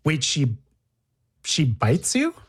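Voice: mid-range voice, huge pitch swings, takes it slowly, husky. An interviewer in a casual conversation who reacts to a story and asks probing follow-up questions.

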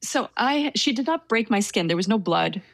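A woman's voice: on the high side, animated, normal speed, dry recording. A woman recounting a personal story in a casual interview, hesitant and self-deprecating, with frequent fillers and small laughs.

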